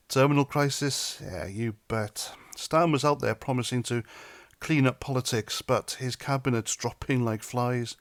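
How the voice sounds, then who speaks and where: Man from Britain, political commentator, mocking and sarcastic, mid pitch, dead dry sound. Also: dry recording.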